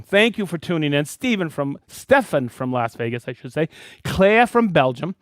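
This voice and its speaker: Lively, animated male live-stream host. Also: fairly high pitch, moderate pace, dry recording, studio quality. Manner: excited, animated, reading viewer shout-outs. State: worked up and dusty after a demo. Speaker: host of a live product show. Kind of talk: casual live-stream chat.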